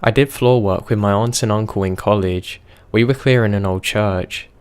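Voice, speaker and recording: A man reading reader-submitted horror stories aloud as a scripted narration, in a steady, measured way. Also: fairly low pitch, clear, resonant tone.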